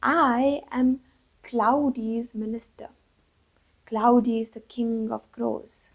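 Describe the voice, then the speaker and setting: A woman voicing a calm, wise old male crow minister who speaks in a measured way. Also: fairly high pitch, gravelly, exaggerated voice. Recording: dull lo-fi recording.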